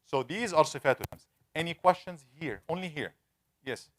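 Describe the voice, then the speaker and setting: A man teaching a classroom lesson, asking students questions and slowly repeating sounds to demonstrate pronunciation. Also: fairly high pitch, animated, a bit bright. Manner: conversational, asks the class questions. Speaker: Quran recitation teacher.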